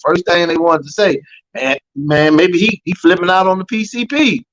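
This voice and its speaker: A man's voice: sits high, moderate pace, fairly bright tone, low-quality recording. A man with a New Orleans accent, a guest telling his life story as an emotional personal testimony, acting out the voices of the people in it. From Louisiana. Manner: storytelling, acting out quoted voices, frequent "man" and "you know".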